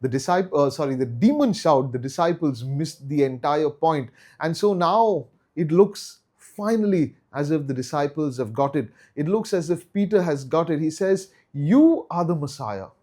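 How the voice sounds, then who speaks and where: A man's voice: fairly high pitch, animated, normal speed, mellow. Earnest man teaching a Bible study. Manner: earnest, repeats key phrases for emphasis.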